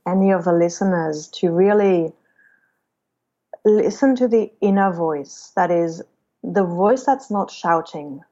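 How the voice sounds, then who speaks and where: Woman, podcast guest, reflective storytelling, slightly low pitch, muffled sound. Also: a little slow, mellow. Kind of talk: personal storytelling in conversation.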